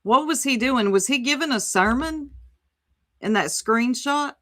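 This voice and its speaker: Woman livestream host, sassy and exclamatory, unhurried commentary, reacts to chat. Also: high-pitched, animated, a bit bright.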